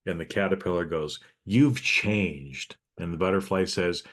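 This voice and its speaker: A podcast host with a low voice, talking things through in an earnest, reflective way. He keeps checking in with his co-host as he goes, in relaxed conversation. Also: quick pace. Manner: earnest, reflective, frequent "right?" tags. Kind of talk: casual conversation.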